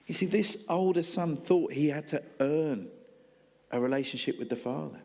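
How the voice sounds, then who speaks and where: A male preacher tells a sermon story conversationally, slipping into characters' voices. His voice sits a bit high and trails off into a long reverb in a church hall. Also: normal speed, creaky, darkish tone.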